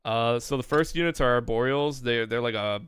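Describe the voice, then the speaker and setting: A young man hosting a livestream, chatting casually and thinking aloud in a relaxed way. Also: mid-range voice, normal speed, clean tone, no echo. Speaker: streamer host.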